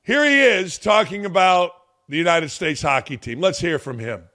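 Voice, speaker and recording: A man's voice: sits high, moderate pace. A man hosting his own talk show, ranting in a brash, mocking way. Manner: brash, mocking, loud jabs. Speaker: podcast host. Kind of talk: opinion rant on a talk show.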